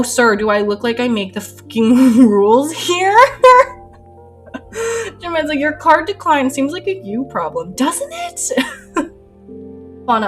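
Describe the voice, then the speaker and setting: A young woman chats casually on a live stream while she paints, laughing often and telling stories with lots of animation. Her voice sits a little high, and soft music plays faintly behind her.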